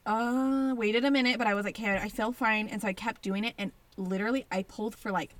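A woman in her thirties co-hosting a casual chat, an animated storyteller with lots of "like.". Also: fairly high pitch, fast talker, no room sound. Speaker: podcast co-host.

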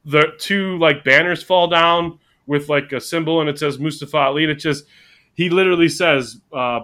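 A man's voice: fairly high pitch, normal speed, pushed and bright. A man co-hosting a podcast, chatting casually and rambling with frequent restarts. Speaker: podcast co-host. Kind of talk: casual chat.

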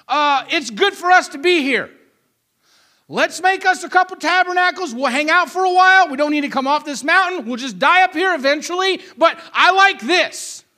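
A male preacher acting out Peter as an eager, starstruck disciple who talks in an excited, chatty way. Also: very high voice, normal speed, voice pushed up, heavily acted.

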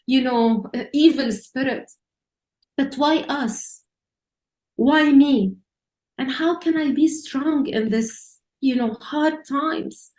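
A woman's voice: high-pitched, echoey room. Earnest woman. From Lebanon. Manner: earnest, emotional storytelling with restarts and rising emphasis. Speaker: church leader. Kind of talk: personal testimony talk.

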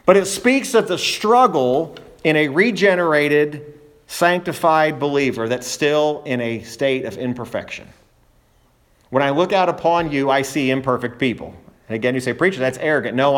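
Pastor preaching with rising emphasis. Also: male voice, medium pitch. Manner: earnest, builds emphasis, frequent restarts. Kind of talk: sermon. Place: church.

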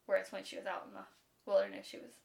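A young woman co-hosting a podcast talks about a book in a casual, animated way, swearing freely and slipping in quick impressions of the characters. Her voice sits in the mid range, with vocal fry and a completely flat delivery.

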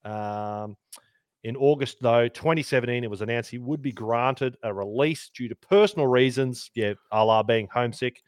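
A man's voice: mid-range voice, normal speed, clean tone, no echo, studio quality. A man co-hosting a casual sports podcast, laughing often, swearing and reading out player stats. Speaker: podcast co-host.

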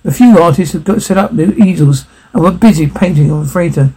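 A man reading a science fiction story aloud, halting, with frequent restarts. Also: on the high side, mellow, a little hiss or hum, poor audio. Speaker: narrator.

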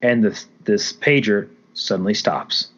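A man co-hosting a podcast, recapping and reviewing a film in animated, casual chat with the odd swear word. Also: fairly low pitch, measured pace. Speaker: podcast co-host. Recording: dull lo-fi audio.

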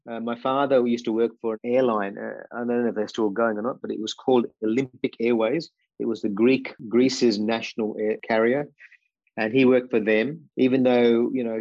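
A man's voice: medium pitch, a little mellow, dry recording, muffled recording. Man in his sixties telling his story. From England. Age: 60s. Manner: earnest, with frequent fillers and restarts. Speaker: podcast guest. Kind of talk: reflective personal storytelling.

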